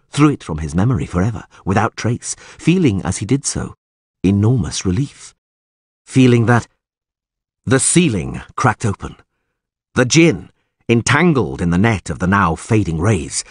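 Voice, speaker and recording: Husky, expressive male audiobook narrator. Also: on the low side, dry recording, clean studio sound.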